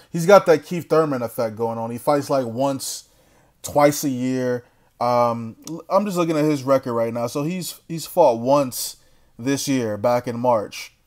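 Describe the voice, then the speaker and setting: A man's voice: mid-range voice, a little mellow. A man giving a casual, blunt, trash-talking rant as a boxing commentator and laughing often.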